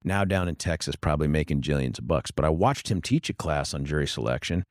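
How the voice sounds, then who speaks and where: A middle-aged man, a district attorney, telling stories in a casual interview with an animated, expressive manner. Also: rumbling low, fast talker, no echo, studio quality.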